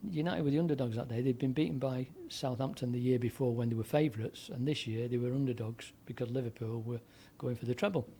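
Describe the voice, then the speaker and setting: A man's voice: medium pitch, fast, few pauses, warm tone, husky. A man in his seventies, a former DJ and broadcaster, telling long anecdotes in a rambling conversational way. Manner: rambling anecdotal delivery with frequent fillers and restarts. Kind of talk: conversational storytelling.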